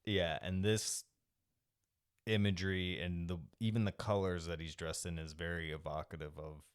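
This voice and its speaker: Low, smooth-voiced man recapping a movie. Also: normal speed. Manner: relaxed, recaps scenes at length with many fillers. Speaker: podcast co-host. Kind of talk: casual movie discussion.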